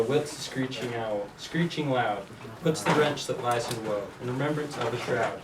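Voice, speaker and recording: A man reciting rhymed verse as Puck on an amateur stage, in a measured, rhythmic way. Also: medium pitch. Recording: echoey room, distant mic, noisy.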